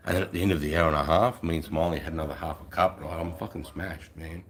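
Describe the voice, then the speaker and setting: A man with a very low voice tells a crude, boastful story full of swearing. His delivery is casual and swaggering, like a rowdy anecdote told among mates. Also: fairly even intonation, fast talker, hardly any pauses, fairly bright tone.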